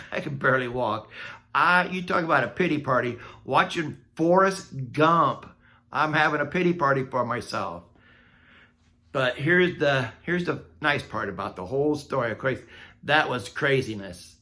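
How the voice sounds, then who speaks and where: Bright-voiced man telling a candid story. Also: mid-range voice, animated, moderate pace. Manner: candid and self-mocking, laughing at his own misery. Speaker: vlogger. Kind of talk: casual personal storytelling.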